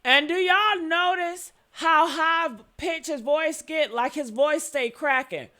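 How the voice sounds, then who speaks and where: A woman giving heated, cursing reaction commentary on an interview, yelling at times. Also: high-pitched, slow. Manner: angry, yelling and cursing, then apologetic.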